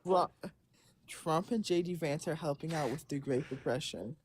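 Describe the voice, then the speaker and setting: A man in his twenties from Britain calling in to a stream, talking haltingly with deadpan trolling. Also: fairly high pitch, slight background noise. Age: 20s. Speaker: caller on a stream.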